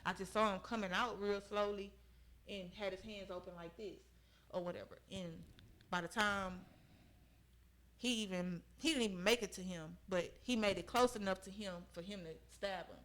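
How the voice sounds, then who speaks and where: A woman's voice: medium pitch, steady tone, moderate pace, fairly bright tone. A young woman, a podcast guest, earnestly recounting a personal story in conversation and often checking in with her listeners.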